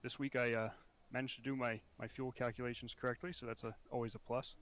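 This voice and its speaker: Smooth-voiced male race winner. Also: mid-range voice, flat delivery, fast talker, fairly bright tone. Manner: brief, hesitant answers with fillers. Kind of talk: casual post-race interview.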